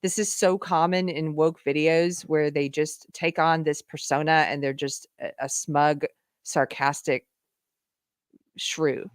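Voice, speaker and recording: A woman's voice: sits low, steady tone, takes it slowly, smooth, no echo, clean studio sound. A woman hosting a live stream, chatting casually and laughing as she reacts to news clips. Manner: chatty, laughs often, talks to viewers. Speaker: livestream host. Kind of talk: casual livestream commentary.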